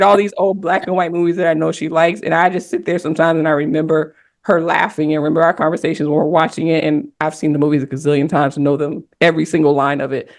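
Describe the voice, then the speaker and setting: A woman's voice: deep voice, a little mellow. Candid woman telling a personal story. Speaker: podcast panelist. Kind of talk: casual podcast conversation.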